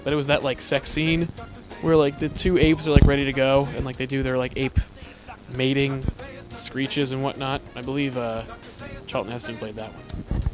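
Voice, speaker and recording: A man's voice: mid-range voice, little pitch movement, normal speed, music in the background. A man co-hosting a casual chat, joking and swearing as he rambles. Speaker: podcast co-host.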